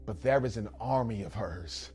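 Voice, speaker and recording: A man performs spoken-word poetry, rhythmic and emphatic. Faint guitar plays softly beneath his voice. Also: fairly low pitch, animated, normal speed, husky. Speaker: poet.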